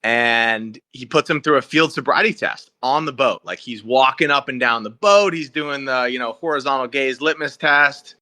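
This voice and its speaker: A young man spins a wry, animated story on a casual podcast, with laughs mixed in. His voice is bright and forceful, mid-pitched and recorded close and dry. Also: normal speed, few pauses, dry recording. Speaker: podcast co-host.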